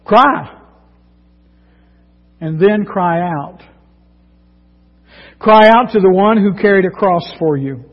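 A man preaching a dramatic sermon, reading scripture and swinging between loud emphasis and hushed moments. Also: high voice, a little slow, long pauses. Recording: dull sound with long hall reverb.

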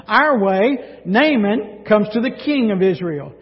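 Man preaching, high voice, dramatic scripture reading, dull muffled sound. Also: lively intonation, slow pace. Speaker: pastor. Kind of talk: sermon. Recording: dull sound with long hall reverb.

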